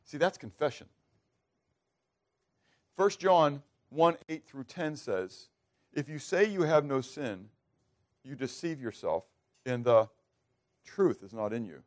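A male pastor with a mid-range voice preaches slowly and animatedly, pausing often. His sermon includes questions to the listeners and acted-out versions of the prayers he quotes.

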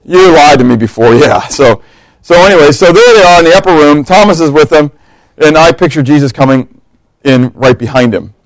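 A man preaching a lively, story-driven sermon. His voice sits a bit high and sounds close and dry. He jumps into different voices for the people in his stories. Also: brisk, no echo, low-quality recording. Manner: animated storytelling, acting out quotes, humorous asides.

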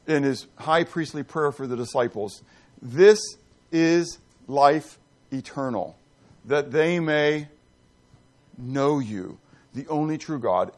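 Guy preaching a sermon, pitch jumps all over, asks the crowd questions, goes loud then real quiet. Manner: animated, questions the congregation, dramatic swings from loud to hushed. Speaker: pastor. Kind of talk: interactive sermon.

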